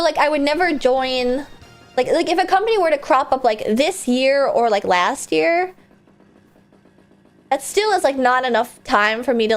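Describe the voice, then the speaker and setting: A woman streamer chatting casually and rambling with lots of fillers, breaking into sudden loud outbursts while she plays a game. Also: fairly high pitch. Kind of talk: casual live-stream chat while gaming.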